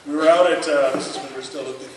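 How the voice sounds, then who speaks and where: A man's voice: fairly high pitch, fast. Man telling a drinking story in an echoey hall. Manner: animated anecdote-teller, acts out dialogue, laughs often. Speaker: convention panel speaker. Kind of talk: storytelling at a memorial panel. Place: large convention hall. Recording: echoey hall miked from far, noisy.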